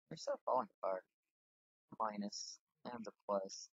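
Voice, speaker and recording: This male gaming channel host has a lowish voice with a breathy edge and speaks unhurriedly. In his casual let's-play, he rambles, mocks himself, and talks through his thoughts mid-game. The recording is dry, dull, and lo-fi.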